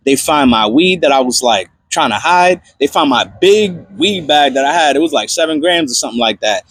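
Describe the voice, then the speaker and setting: Animated young man telling a story. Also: fairly high pitch, fairly quick, breathy edge, no room sound. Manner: animated, slangy, many fillers and restarts. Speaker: vlogger telling a personal story. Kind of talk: casual storytelling testimony.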